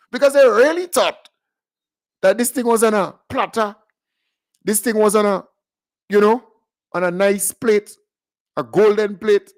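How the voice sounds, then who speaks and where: A man's voice: a little high, no echo. Teasing Grenadian man, mock-pitying sing-song. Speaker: radio show host. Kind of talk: mocking political commentary.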